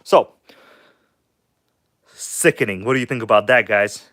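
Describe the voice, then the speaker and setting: A man's voice: lowish voice, unhurried, fairly bright tone, dry recording, clean studio sound. A man hosting a casual live stream, rambling and chatty, talking bluntly and enthusiastically to his viewers.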